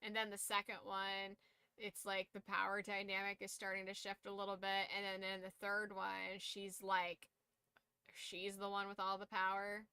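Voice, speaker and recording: A woman's voice: mid-range voice, completely flat delivery, moderate pace, pushed and bright, clear, resonant tone, no room sound. A tired woman streamer chatting casually late at night, rambling loosely and swearing now and then.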